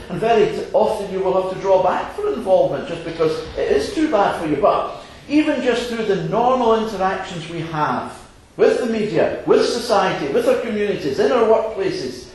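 Male preacher, earnest sermon, slightly high, very lively delivery, big hall echo. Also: moderate pace, hardly any pauses. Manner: earnest, varied, chuckling asides. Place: assembly hall. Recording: echoey hall, faint noise.

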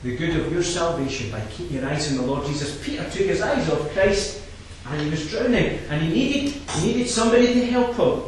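A man preaching a sermon, swinging from low quiet asides to loud impassioned climaxes and repeating his key phrases. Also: expressive, brisk, hardly any pauses. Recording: very echoey, from a distance, faint background noise.

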